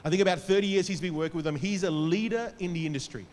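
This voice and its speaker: A man's voice: high voice, fast. A man introducing a guest preacher in a church service, speaking with affection and pushing the congregation to respond. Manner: affectionate, then shouts to rouse the crowd. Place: church sanctuary. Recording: church hall reverb with faint ambience.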